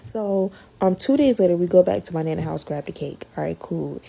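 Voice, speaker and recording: Woman, casual storytime host, husky gravelly voice, mellow tone, slangy and expressive. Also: fairly low pitch, fairly quick. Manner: expressive, slangy, swings loud and quiet. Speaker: podcast host telling a story.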